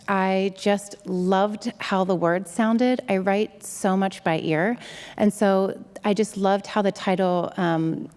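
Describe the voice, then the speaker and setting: Guest poet: woman, mid-pitched voice, bubbly and self-deprecating, heard in a reverberant hall. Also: darkish tone. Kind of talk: live stage interview. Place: theater stage before an audience.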